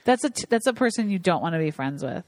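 A woman's voice: lowish voice, sing-song, quick pace, darkish tone, no echo. A woman on a podcast, chatting casually, joking and laughing often. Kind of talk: casual chat.

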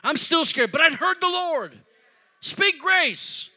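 Bright, high-voiced preaching man. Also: animated, slow. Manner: storytelling, swings from quiet to shouting. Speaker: pastor. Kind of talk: sermon.

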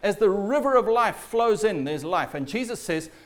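A man preaching a sermon in a storytelling way, often dropping low and quiet at the ends of phrases. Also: expressive, moderate pace.

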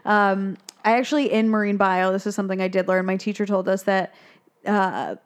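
A young woman talks casually on a podcast, walking through a film scene by scene. She swears easily, fills her talk with "like" and "um", and jumps up into high voices whenever she quotes a character. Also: normal speed. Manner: chatty, swears freely, acts out characters' lines in higher voices. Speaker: podcast co-host recapping a film. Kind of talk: casual chat.

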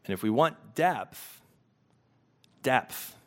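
A man preaching a sermon as pastor, reflective and unhurried, pausing to let questions sink in. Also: medium pitch, lively intonation, fairly bright tone.

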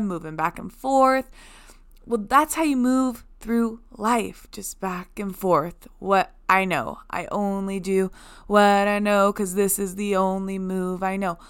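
Young woman hosting a podcast, bubbly and gushing, smooth clear voice, mid pitch. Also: fairly bright tone. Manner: bubbly, effusive, gushing gratitude. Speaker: podcast host. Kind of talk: casual podcast monologue.

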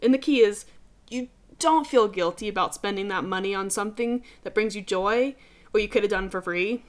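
A woman's voice: mid-range voice, normal speed. A young adult woman hosting a podcast, talking casually and emphatically, swearing freely and calling listeners dude. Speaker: podcast host. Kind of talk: casual motivational podcast talk.

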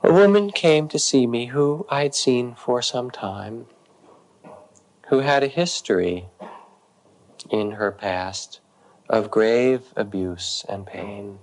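A man, a meditation teacher, telling a story in a soft-spoken, unhurried way with pauses between short phrases. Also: mid-range voice, poor audio. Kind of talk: storytelling dharma talk.

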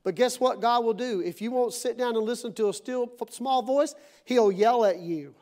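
High-voiced preaching man. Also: normal speed. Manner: dramatic, acts out quoted voices, swings between loud and hushed. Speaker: pastor. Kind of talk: sermon. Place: church sanctuary with congregation.

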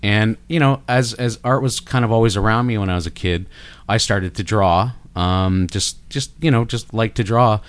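Guest, Canadian man, middle-aged, low-pitched, enthusiastic rambling storyteller, dry recording. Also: moderate pace, clean tone, no room sound. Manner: rambling, enthusiastic, many fillers and restarts. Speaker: guest artist. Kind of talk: casual interview chat.

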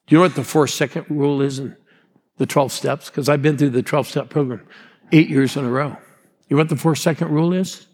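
A man's voice: on the high side, fairly even intonation, brisk. A man in his sixties preaching a sermon as a pastor, rousing and calling out to the congregation. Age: 60s. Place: large church hall. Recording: long hall reverb.

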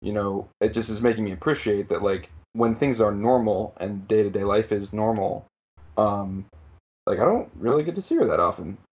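A man co-hosting a podcast, musing reflectively in a relaxed, filler-heavy chat. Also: lowish voice, moderate pace, dull audio. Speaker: podcast co-host. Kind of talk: casual chat.

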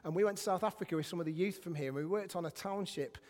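A middle-aged man from England preaching a sermon in a church, telling stories with humor and shouting at times. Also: high voice, racing. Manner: animated, self-deprecating storytelling with bursts of shouting. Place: church sanctuary. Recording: church hall with long reverb.

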